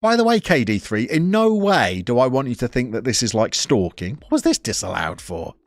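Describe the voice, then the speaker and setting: A man from the English Midlands with a soft Birmingham accent, chatting casually and wryly to his chat while playing a football management game. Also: mid-range voice, sing-song, moderate pace. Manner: wry, self-mocking chatter to chat. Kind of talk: casual live-stream commentary.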